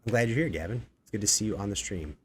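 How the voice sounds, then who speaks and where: A man's voice: lowish voice, very fast. A man hosting a casual live stream, rambling and joking with many fillers. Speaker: executive producer and stream host.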